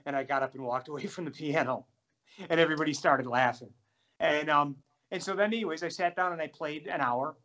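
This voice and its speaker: A middle-aged man, a jazz pianist, telling animated, self-deprecating stories in a casual interview. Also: on the high side, a little fast, muffled recording. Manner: animated, self-deprecating anecdotes with many restarts.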